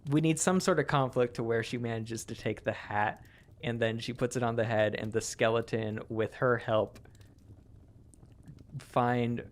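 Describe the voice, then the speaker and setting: A man's voice: medium pitch, fairly even intonation. A man co-hosting a comedy podcast, brainstorming a movie plot in a rambling, hesitant way. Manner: rambling, hesitant, quick to laugh. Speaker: podcast co-host.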